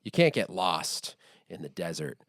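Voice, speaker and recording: A male podcast co-host talks through a movie in loose, rambling chat, full of fillers and restarts. His pitch swings widely as he tells the story. The sound is close and dry, with no room behind him. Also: unhurried, dry recording. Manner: animated, rambling retelling with fillers. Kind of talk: casual chat.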